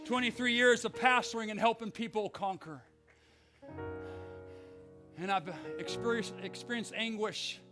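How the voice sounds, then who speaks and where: A middle-aged man preaching a fervent Pentecostal sermon as pastor, swinging from hushed words to shouts. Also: high voice, fairly even intonation, measured pace, long pauses, music in the background. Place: church sanctuary.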